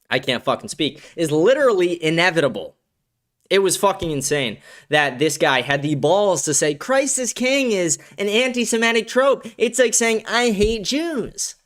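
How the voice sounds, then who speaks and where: A man's voice: sits high, fairly bright tone. A young man hosting a livestream show, ranting in a profane, aggressive, heated way. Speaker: show host. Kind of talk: livestream political rant.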